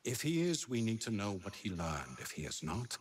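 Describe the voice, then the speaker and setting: Grave british-accented leader guy in a game, low voice, speaks in proverbs. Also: very animated, normal speed. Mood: solemn. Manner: grave, formal, aphoristic. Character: stern, measured male leader of a sun kingdom.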